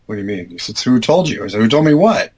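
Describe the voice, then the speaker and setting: A man in his fifties, a guest telling a long story in a relaxed, rambling way, acting out what people said with sudden high-pitched voices. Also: rapid-fire, breathy edge, low-quality recording. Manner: acts out quoted dialogue with big jumps in pitch; rambling, self-correcting, many fillers. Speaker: interview guest. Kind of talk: casual anecdotal storytelling.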